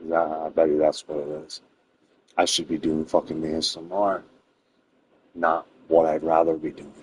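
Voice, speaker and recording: A man's voice: a bass voice, little pitch movement, normal speed, a little mellow, a little hiss or hum, low-quality recording. A man streaming a game and chatting casually with his viewers, rambling and swearing freely. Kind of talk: casual gameplay stream chat.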